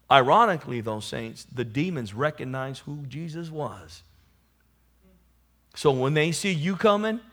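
A male preacher with a fairly high voice delivers a sermon. He builds to loud, emphatic peaks and then sinks back down, and he keeps drawing responses from the congregation.

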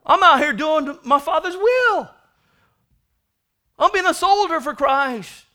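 Self-righteous older brother, whiny and indignant, pitched high and loud, as a man preaching puts him on. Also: expressive, takes it slowly, exaggerated voice.

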